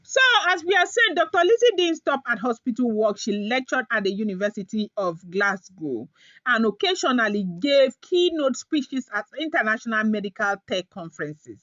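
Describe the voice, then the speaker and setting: A woman's voice: on the high side, sing-song, moderate pace, fairly bright tone, no echo, lo-fi sound. Chatty woman gossip vlogger. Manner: chatty, keeps adding "okay?" and "you know". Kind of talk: casual gossip monologue.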